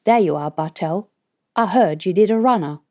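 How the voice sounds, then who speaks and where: A woman voicing a stern, secretive female military colonel in an audiobook, speaking in a measured, grave way. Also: lowish voice, lively intonation, warm tone, close to an everyday voice.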